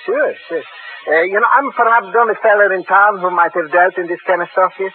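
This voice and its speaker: An actor playing a sly, evasive curio dealer in a 1950s radio drama, folksy and overly familiar. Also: male voice, high-pitched, a little fast, close to an everyday voice. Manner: folksy, evasive, calls people kiddo. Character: sly middle-aged male curio dealer, evasive and chummy. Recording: tinny old radio broadcast with faint hiss.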